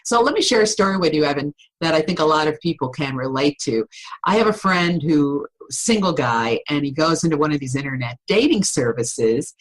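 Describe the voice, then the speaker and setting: A middle-aged woman voice coach explaining vocal tips in a podcast interview, with an animated, instructive storytelling manner. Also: deep voice, poor audio.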